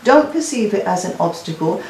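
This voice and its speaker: Woman tarot reader, warm-hearted chatter to her cards, recorded in an echoey room. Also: mid-range voice, lively intonation, normal speed, creaky, a little hiss or hum. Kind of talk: weekly tarot card reading.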